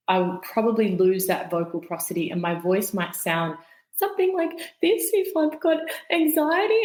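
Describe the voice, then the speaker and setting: A woman guest expert explaining the nervous system in calm, patient interview talk. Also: fairly low pitch, reverberant, low-quality recording. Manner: calm, explanatory, demonstrates voices.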